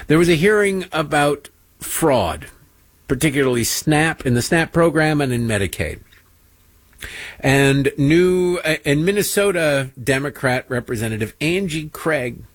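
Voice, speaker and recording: A man hosting a political talk show, giving sarcastic, mocking commentary between played clips. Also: no echo. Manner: mocking, mimics people in high silly voices.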